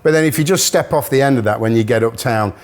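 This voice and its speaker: A man's voice: mid-range voice, fast. A middle-aged man, a musician guest telling stories in casual chat and laughing often. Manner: chatty storyteller, laughs often.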